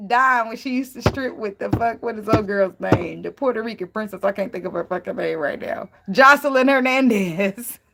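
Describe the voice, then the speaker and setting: A woman's voice: mid-range voice, moderate pace, vocal fry, a bit bright, slight background noise. A young woman reading tarot and giving blunt relationship advice in a casual, profane way, laughing often and wandering off on tangents. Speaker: tarot reader. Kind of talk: casual spiritual advice talk.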